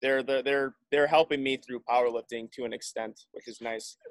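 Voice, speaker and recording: A man's voice: mid-range voice, fairly even intonation, normal speed, no echo. Man, casual podcast chat, rambling, restarts, dry mic. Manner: rambling, restarts with many likes.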